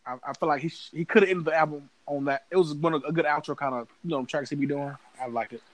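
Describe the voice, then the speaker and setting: Fast-talking man in a casual music chat. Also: fairly high pitch, steady tone, poor audio.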